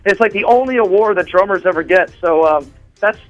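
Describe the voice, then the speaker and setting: A man, a drummer, chatting excitedly on a phone line with a radio show, rambling with many fillers and restarts. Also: sits high, brisk, faint music behind. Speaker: drummer interviewed as a guest. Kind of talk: excited phone interview chat.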